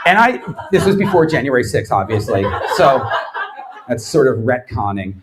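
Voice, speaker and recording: A man in his thirties giving a comedic live lecture, sardonic and animated, acting out quotes in his stories. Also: medium pitch, moderate pace, background noise. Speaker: lecturer, former quiz show champion. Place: bar event space before a live audience.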